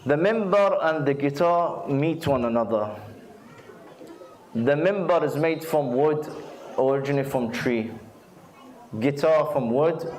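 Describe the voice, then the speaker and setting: A man preaching a sermon in a roomy, echoing hall, his pitch sitting in an ordinary middle range. He tells a parable and lifts his voice high when he speaks for its characters. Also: a little mellow. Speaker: Muharram night speaker. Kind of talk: sermon with storytelling. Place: mosque or community hall.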